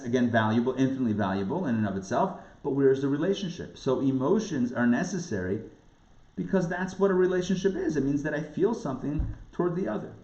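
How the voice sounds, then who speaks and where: A man, a rabbi, giving a lively lecture, asking rhetorical questions and acting out quoted voices. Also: mid-range voice. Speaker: rabbi teaching a class. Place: recorded live class. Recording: roomy, dull lo-fi sound.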